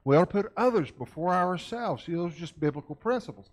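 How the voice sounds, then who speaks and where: A man gives a conversational church lecture in a folksy style, constantly asking his listeners questions to check in. His high voice is expressive and fast.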